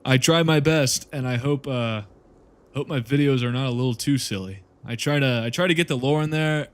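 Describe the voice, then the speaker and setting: A man's voice: mid-range voice, a bit bright. A man chatting casually to his viewers on a live stream while playing a game, rambling, laughing and swearing freely.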